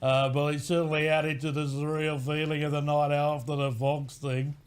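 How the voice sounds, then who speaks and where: A man's voice: on the high side, level tone, moderate pace, smooth, natural voice. A man reading out a listener's spooky story as an Australian woman, in an exaggerated put-on Australian accent. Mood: storytelling.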